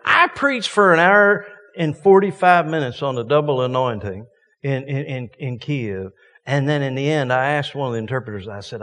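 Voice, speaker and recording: A man's voice: mid-range voice, animated, moderate pace, fairly bright tone, long reverb tail. A man preaching a sermon as a visiting preacher, folksy and joking with emphatic points.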